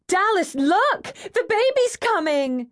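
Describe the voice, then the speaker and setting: A woman voicing a bubbly, tearful pregnant young woman in an audiobook, gushing with high-pitched excitement. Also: drawn-out words, dry recording, studio quality, full character voice. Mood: excited.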